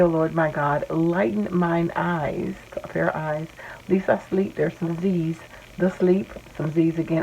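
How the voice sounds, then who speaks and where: Woman journaling vlogger, low and gravelly, casual show-and-tell, dull home recording. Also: a little mellow, slight background noise. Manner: reads verses aloud, then explains her doodles.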